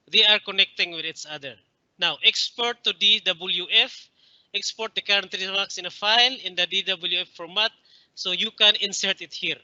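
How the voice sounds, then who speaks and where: A male instructor giving a screen-recorded software tutorial, explaining step by step with frequent fillers and addressing viewers as friends. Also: high voice, no echo, lo-fi sound.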